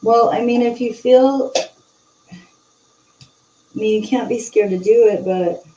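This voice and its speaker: A woman's voice: on the high side, slow pace, mellow. Chatty woman storyteller in an echoey room. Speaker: host. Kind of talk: casual chat, storytelling. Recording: echoey room, distant from mic.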